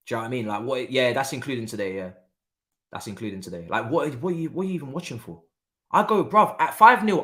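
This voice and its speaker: A young man hosting a casual live football watchalong, talking in an animated, repetitive way with lots of slang and laughter. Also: medium pitch. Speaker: watchalong host. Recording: roomy echo.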